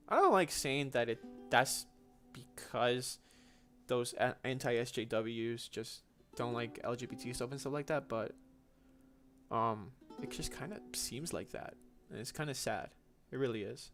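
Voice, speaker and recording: A man's voice: mid-range voice, measured pace, long pauses, fairly bright tone, faint music behind. A young man hosting a gaming livestream, casually answering viewer questions in a chatty, slangy way with frequent restarts.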